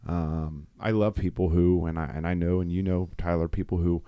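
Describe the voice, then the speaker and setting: Deep, mellow-voiced middle-aged man storytelling. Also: flat delivery, moderate pace, clean tone. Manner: rambling storyteller, many fillers and restarts. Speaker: podcast co-host. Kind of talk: casual faith talk.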